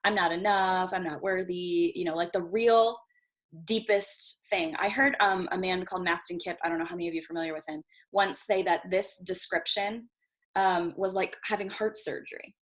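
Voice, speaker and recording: A woman's voice: fairly low pitch, moderate pace. A woman teaching a marketing workshop over a video call, chatty and casual, swearing freely and checking in with "okay?" again and again. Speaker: guest marketing coach.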